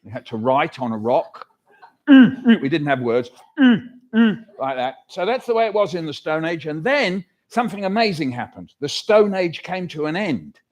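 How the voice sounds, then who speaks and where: On stage at a live awards event, an older children's author with a voice on the high side speaks at a moderate pace with few pauses. He animatedly spins funny stories for a hall of children and gets them calling back to him.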